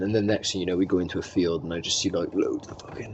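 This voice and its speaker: A man's voice: on the low side, fairly even intonation, quick pace, darkish tone, lo-fi sound, a little hiss or hum. A young man, hosting a podcast and telling a long story in a casual chat. He swears a lot, rambles and keeps adding "do you mean?". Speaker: podcast host.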